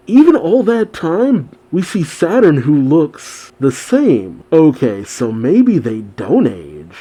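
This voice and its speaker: A man's voice: mid-range voice, dark tone, slightly rough. A man giving casual reaction commentary on a manga chapter, thinking aloud and repeating words as he goes.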